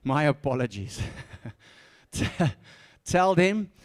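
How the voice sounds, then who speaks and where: A man preaching a sermon, swinging between soft asides and loud, repeated calls, often laughing and stumbling over his words. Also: fairly high pitch, sing-song, slow. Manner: laughs often, stumbles and restarts when fired up. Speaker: pastor.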